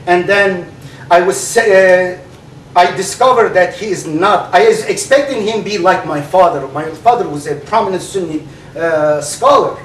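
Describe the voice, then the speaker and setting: A man with a Turkish accent, a native Turkish speaker, giving an animated debate speech full of fillers and restarts. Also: sits high, a little hiss or hum. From Turkey. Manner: animated, halting with many fillers. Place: large hall. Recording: echoey hall recorded from far off.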